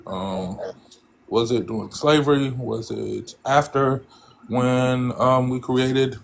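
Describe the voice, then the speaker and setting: A man speaking as a guest on a live panel debate, in a measured, hesitant way with many pauses. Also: medium pitch, steady tone, vocal fry, a little hiss or hum.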